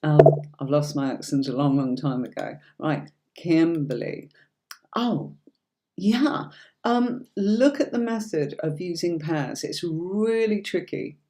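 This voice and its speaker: A woman's voice: deep voice, animated, slow, dark tone. A middle-aged woman from Yorkshire, England, teaching tarot in a live-streamed workshop, chatty and effusive, calling her viewers darling.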